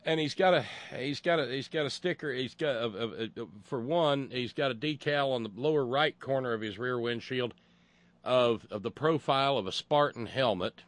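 A man's voice: medium pitch, normal speed, no room sound. Guy for sarcastic rant commentary; stumbles and restarts, dry close mic. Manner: rambling and sarcastic, many restarts. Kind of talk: casual monologue commentary.

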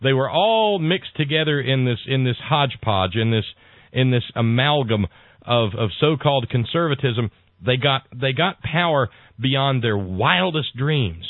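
A man's voice: mid-range voice, animated, no room sound. A man with a mid-range voice hosts a political talk radio show. He halts and restarts, then eases into folksy jokes. His voice comes over a thin, phone-like line with a dry, close sound. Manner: halting, restarts, then folksy joke-telling.

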